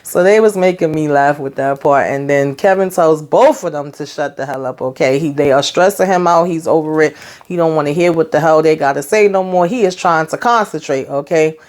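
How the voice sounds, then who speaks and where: A woman's voice: low-pitched, a little fast, a little mellow. A woman runs through a TV episode recap in a loose, conversational way. She talks in an easy, colloquial manner and laughs often as she tells it. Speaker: TV show reviewer.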